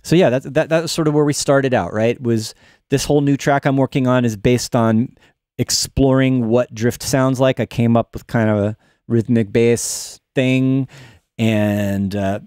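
A man's voice: mid-range voice, warm tone, no echo. A man hosting a casual livestream in a New York studio, thinking aloud with restarts as he demonstrates music production. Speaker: music production instructor and show host.

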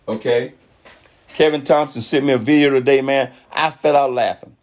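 A man giving a fired-up motivational talk to his network marketing team, preachy and animated, acting out other people's voices in quotes. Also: mid-range voice, normal speed. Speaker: network marketing leader speaking on a call.

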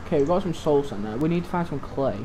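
A man's voice: fairly high pitch, expressive, fast, warm tone, slight background noise, rough recording. A young man co-hosting a let's play, laid-back and teasing as he plans ahead. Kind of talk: casual gaming chat.

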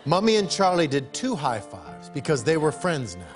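A man reading out the stage directions for a comic sketch in a TV studio, steady and plain. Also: on the high side, moderate pace. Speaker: announcer and show regular. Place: TV studio with audience. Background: studio audience and music.

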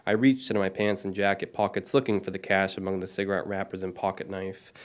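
Author in his thirties reading own story, lowish voice, self-deprecating, steady delivery. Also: quick pace. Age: 30s.

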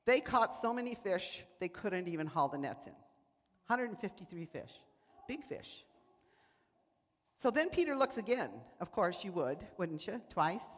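Speaking unhurriedly in a medium pitch, this female preacher gives a storytelling sermon in a church sanctuary, animatedly voicing the characters she quotes. The sound carries the reverb of a church hall.

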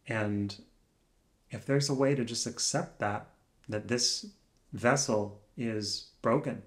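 A man sits alone in a room and muses aloud in an unhurried, reflective vlog. His speech is slow and halting, full of searching pauses and phrases that fade off quietly. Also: on the low side. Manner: soft-spoken, trailing off quietly. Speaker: vlogger.

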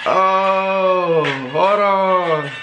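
A man giving casual reaction commentary, animated, slangy and joking. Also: high voice, very slow, loud music behind the voice. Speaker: YouTuber reacting to a video.

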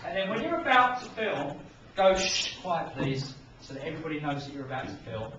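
A man's voice: fairly high pitch, big pitch swings, fast. A young Englishman teaching young children in a large museum hall, upbeat and encouraging. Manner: upbeat, encouraging, demonstrates with acted examples. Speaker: museum educator. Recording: echoey, distant, muffled, noisy.

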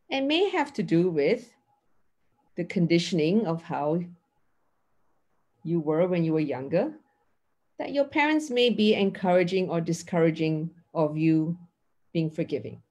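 A middle-aged woman giving a mindfulness lesson in an earnest, teacherly way. Her voice is slightly husky, and her pitch rises and falls in lively swings as she acts out little dialogues. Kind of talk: teaching talk.

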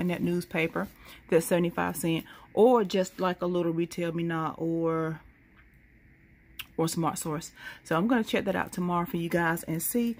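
Sleepy woman, gravelly voice. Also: on the low side. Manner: sleepy, yawning, rambling. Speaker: couponing vlogger. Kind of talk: late-night casual vlog. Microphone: handheld phone.

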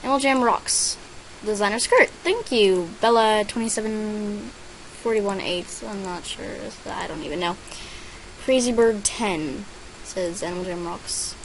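On a rough recording with some hiss or hum, a teenage gaming vlogger speaks a little slowly in an expressive, medium-pitched voice. She chats casually through her gameplay, reading other players' names and messages aloud and squealing when she gets gifts.

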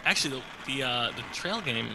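A young man who hosts a gaming channel speaks in a sharp, brisk, animated mid-range voice, with a faint hiss or hum in the recording. Over game music, he trades crude jokes with a friend while commentating a video game.

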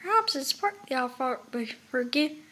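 A woman voicing a calm, firm bear mother from a storybook who explains things in a measured way. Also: sits high, heavy background noise.

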